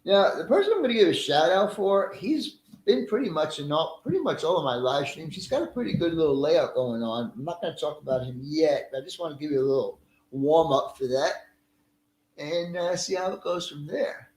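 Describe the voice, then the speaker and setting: A man's voice: fairly high pitch, expressive, brisk, darkish tone, reverberant, a little hiss or hum, rough recording. A middle-aged man casually hosting a live stream, greeting viewers by name in a friendly, chatty way and laughing easily.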